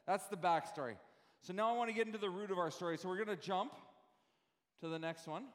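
High-voiced preacher in an echoing hall. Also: male voice, quick pace. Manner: animated, repeats himself, rhetorical questions. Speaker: pastor. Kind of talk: sermon. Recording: echoey hall reverb.

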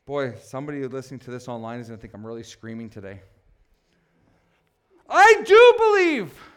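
A man preaching a sermon, building to passionate shouts and breaking off for joking asides. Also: mid-range voice, rapid-fire, smooth. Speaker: pastor.

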